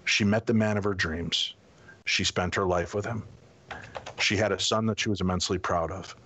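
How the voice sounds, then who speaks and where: A middle-aged man telling stories as a guest in a casual interview, animated and acting out the people in them. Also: low-pitched, moderate pace, slight background noise.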